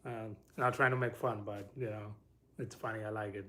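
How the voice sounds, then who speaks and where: A man's voice: on the low side, fairly even intonation, moderate pace, fairly bright tone, slight background noise. A man chatting casually and at length with viewers on a live stream from home, as a parent. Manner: rambling, chatty, talks straight to viewers.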